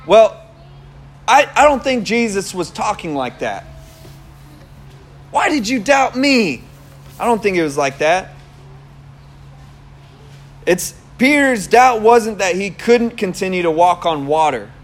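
Young male preacher, high voice, casual and animated, laughs often. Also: unhurried, long pauses. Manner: conversational, animated storytelling with laughs. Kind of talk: casual sermon.

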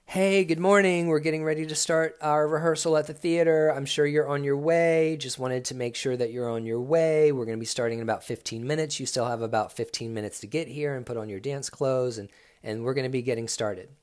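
A man voicing a frantic male dance director leaving voicemails, shrill and cursing. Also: steady tone, a little fast, a little mellow, smooth, lightly acted. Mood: chirpy. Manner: shrill, escalating to screaming and cursing.

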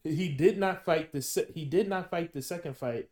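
A man hosting a sports podcast, asking long, halting questions with many restarts in casual chat. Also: on the high side, darkish tone. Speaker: podcast host.

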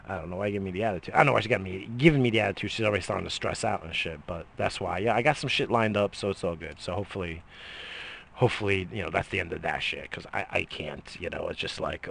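A man's voice: fairly low pitch, fast, creaky, fairly bright tone, breathy edge. A middle-aged man in a casual, rambling monologue, swearing freely and coughing between lines. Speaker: vlogger.

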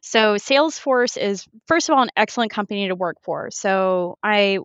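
A woman from Houston, Texas, a professional competitive shooter talking as a guest in a casual interview, chatty and animated, with lots of fillers. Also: medium pitch, moderate pace, clear, resonant tone, dry recording, lo-fi sound. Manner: chatty and animated, laughs often, many fillers.

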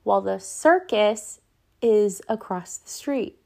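A woman in her thirties hosting a podcast, telling a story in a chatty, animated way full of fillers. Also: mid-range voice, takes it slowly, vocal fry. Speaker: podcast host.

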